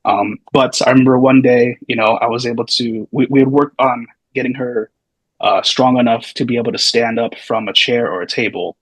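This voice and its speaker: A man in his thirties tells stories in a relaxed, rambling way as a podcast guest. His voice has a slightly husky edge, and the recording is close and dry, with no room sound. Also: medium pitch, normal speed, no echo, rough recording. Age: 30s. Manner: loose, meandering, full of hedging asides. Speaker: podcast guest, physical therapy student. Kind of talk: casual storytelling.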